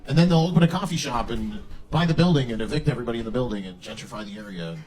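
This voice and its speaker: A man's voice: mid-range voice, racing, darkish tone. Crude, mocking male stand-up comic. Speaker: stand-up comedian. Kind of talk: stand-up comedy set. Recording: noisy live show recording.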